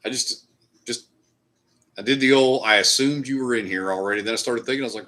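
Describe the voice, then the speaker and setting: Brisk and sharp-toned at a medium pitch, the livestream host chats casually with his viewers and reads their comments. He swears every so often.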